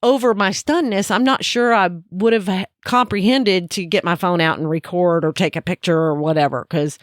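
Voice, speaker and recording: A woman co-hosting a podcast in casual chat, excitable and chatty. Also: lowish voice, normal speed, dry recording, clean studio sound. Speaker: podcast co-host.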